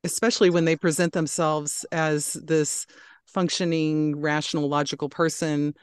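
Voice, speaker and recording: A woman co-host offering measured, validating comments and warnings. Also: deep voice, little pitch movement, clean tone, dry recording. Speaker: podcast co-host. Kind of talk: interview comments and trigger warning.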